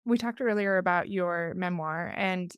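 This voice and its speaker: A woman in her forties hosting a podcast, speaking in a thoughtful, measured, reflective way. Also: on the low side, smooth, no echo, clean studio sound. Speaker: podcast host. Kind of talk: reflective conversation.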